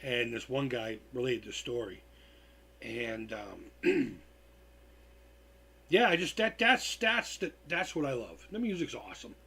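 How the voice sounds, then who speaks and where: A man's voice: mid-range voice, expressive, takes it slowly, gravelly, pauses often, sharp tone, husky. A tired man hosting a live stream, telling stories in a loose, profane, casual way. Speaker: livestream host.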